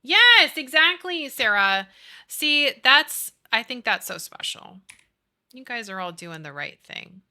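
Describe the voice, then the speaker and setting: A woman's voice: high-pitched, very animated, slow pace, sharp tone. Bubbly chatty woman streamer. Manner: chatty, gushing, reads chat aloud. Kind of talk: casual live-stream chat.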